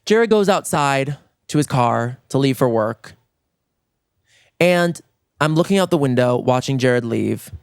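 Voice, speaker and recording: A man hosting a comedy podcast, telling a comic story in an animated way and rushing through lines. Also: creaky, smooth, dry recording, studio quality. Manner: animated, rushes through lines, jumps to high squeals for quoted reactions.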